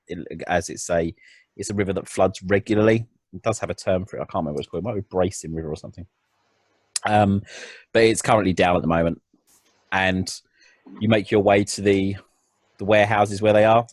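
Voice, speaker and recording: Low-pitched male GM, loose and meandering, recorded dry. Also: no room sound. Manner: rambling, full of ums and restarts. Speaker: game master. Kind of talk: narrating a tabletop game.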